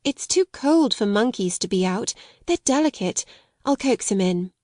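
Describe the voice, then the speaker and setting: A woman reading an audiobook, voicing an earnest, gentle and polite young girl who speaks eagerly and tenderly. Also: mid-range voice, animated, moderate pace, dry recording, clean studio sound, natural voice.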